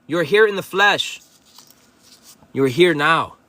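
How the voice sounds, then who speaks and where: A man's voice: on the high side, lively intonation, slow pace, bright, forceful tone, dry recording. A man giving a livestreamed spiritual monologue to viewers, profane, confrontational and preachy. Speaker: livestream host.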